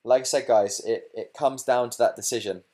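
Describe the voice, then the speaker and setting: A man hosting a business webinar, wrapping up with an energetic sales pitch and punctuating his points with "okay?" and "look". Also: a little fast. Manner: energetic, punchy, keeps saying "okay?" and "look".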